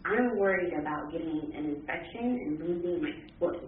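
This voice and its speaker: A woman's voice: sits low, animated, a little hiss or hum. Woman on a muffled, echoey phone line. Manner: halting, many fillers and restarts. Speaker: caller giving testimony. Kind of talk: personal account. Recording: distant muffled phone line with room echo.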